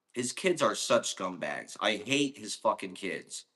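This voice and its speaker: A man's voice: fairly low pitch, pushed and bright. A man from Ohio delivering a casual, rambling monologue, profane and sarcastic.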